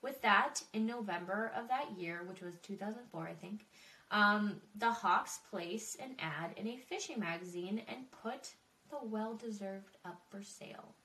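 A woman's voice: mid-range voice, unhurried, sharp tone, echoey room, recorded from a distance. A woman hosting a true crime podcast, talking casually with frequent swearing and emotional asides. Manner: chatty, swearing, emotional and tearful. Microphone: desk microphone.

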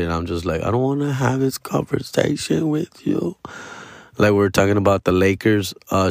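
A man's voice: low-pitched, vocal fry, no echo. Middle-aged man, podcast host, loose profane rant with Spanish slang, dry close sound. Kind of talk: casual ranting monologue.

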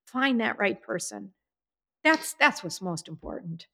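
A woman's voice: medium pitch, very animated, unhurried, bright, forceful tone. A woman in casual chat as podcast co-host, telling stories about her daughter's wedding in an emotional, chatty way, recorded in an apartment. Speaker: podcast co-host, mother of the bride.

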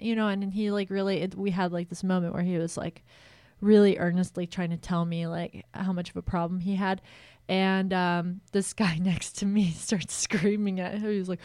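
A woman's voice: medium pitch, little pitch movement, a little fast, darkish tone, clean tone, dry recording. A woman guest on a podcast, telling a story in a loose, chatty way full of fillers and laughs. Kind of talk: casual chat.

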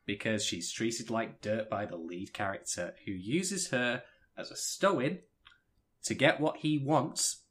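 A man co-hosting a podcast, giving opinionated, animated views in casual anime review chat. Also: medium pitch, a little slow. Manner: opinionated, animated, emphatic rises. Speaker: podcast co-host.

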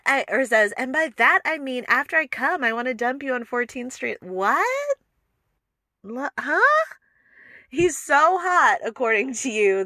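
A woman's voice: high-pitched, pushed and bright, no echo, studio quality. A woman hosting a podcast, ranting sarcastically about a TV show with exasperated asides and laughs. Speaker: podcast host reviewing a TV show. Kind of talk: casual ranting review.

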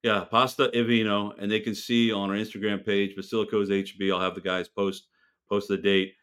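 A man with a fairly low voice talks as a podcast guest. He is blunt and fired up, and he throws in a curse word here and there. He tells his stories with a lot of heat. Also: flat delivery, a little fast, fairly bright tone, smooth. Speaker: restaurant owner, guest. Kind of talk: casual podcast interview.

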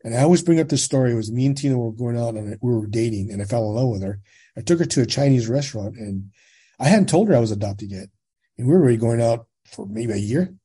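A man in his sixties from California recounts his life as a guest, his voice mellow and slightly husky. He speaks at a middling pitch and brings past conversations back to life by acting out each side. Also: fast. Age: 60s. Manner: animated retelling, quotes dialogue, frequent tag questions. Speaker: podcast guest. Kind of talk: personal storytelling in conversation.

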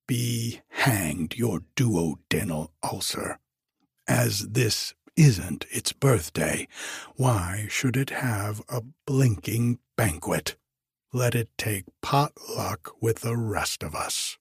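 A man's voice: fairly low pitch, animated, slow, creaky, slightly rough, no room sound, clean studio sound, exaggerated voice. A man voicing a blunt, jovial stand-in hotel proprietor who jokes and talks back. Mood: mocking.

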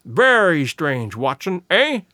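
A man voicing an eager, sharp male detective who makes brisk, emphatic deductions in an audiobook reading. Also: on the high side, big pitch swings, no echo, studio quality, exaggerated voice. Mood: excited, insistent.

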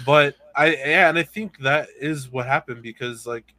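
A man's voice: medium pitch, moderate pace, pushed and bright. A man co-hosting a casual chat, joking around and slipping into playful impressions. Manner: jokey, slips into playful impressions. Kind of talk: casual banter.

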